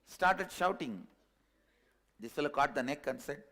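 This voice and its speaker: A man tells a parable in a spiritual discourse. He is animated and chuckles at his own jokes, and his voice sits somewhat high. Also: normal speed, long pauses. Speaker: spiritual teacher.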